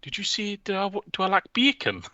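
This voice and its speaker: A man puts on a gentle Geordie football manager, older and soft-spoken, who begs in a high, drawn-out whine. The voice sits well above a normal speaking pitch and sounds slow and dazed. It comes through a dull, lo-fi recording. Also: big pitch swings, no echo, exaggerated voice. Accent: Geordie (put on). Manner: whiny, begging, drawn out.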